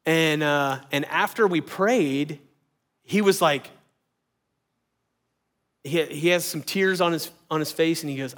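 A pastor preaching a sermon in a conversational, animated way, with teasing asides. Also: male voice, a little high, unhurried, pauses often.

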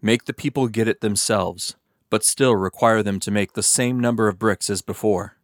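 Man reading a haughty ancient king, low, dry, commanding, barely acted. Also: normal speed, no echo, close to an everyday voice. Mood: scornful. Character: stern arrogant ancient male king.

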